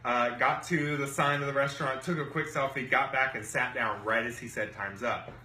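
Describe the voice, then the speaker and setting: A man recounts a story on his vlog in a loose, animated way, full of ums and uhs. His voice is bright and forward. The room adds a noticeable echo, with faint noise underneath. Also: medium pitch, fairly quick. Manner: animated, many fillers. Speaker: vlog host. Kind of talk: casual storytelling.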